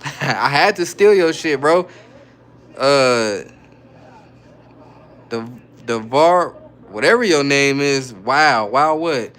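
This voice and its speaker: A livestreamer chats casually as he reads viewer comments aloud and responds, using loose slang. His medium-pitched voice is expressive and fairly bright, and he speaks slowly with long pauses.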